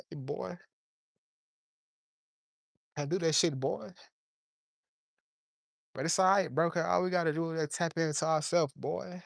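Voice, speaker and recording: A man's voice: medium pitch, no room sound, clean studio sound. A man giving an impassioned, profane monologue to camera from his yard, preaching in plain street talk while a little under the weather. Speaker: vlogger.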